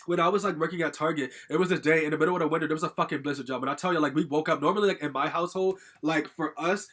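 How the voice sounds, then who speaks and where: Fast-talking young man venting a story. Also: on the high side, steady tone, a bit bright. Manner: rambling, heavy on "like" fillers and swearing; agitated, venting. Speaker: storytime vlogger. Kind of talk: casual storytime monologue.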